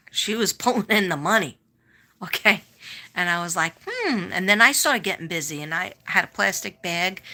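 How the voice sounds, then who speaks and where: Bright-voiced New York woman, chatty. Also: medium pitch. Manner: rambling, chatty, greets viewers by name. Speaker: psychic livestream host. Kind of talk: casual livestream chat.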